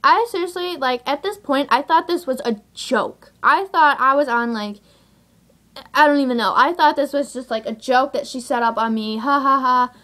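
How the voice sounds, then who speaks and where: A woman's voice: high-pitched, moderate pace, a bit bright. A young woman vlogging to camera, telling a story in a chatty, exasperated way, full of "like" and "whatever".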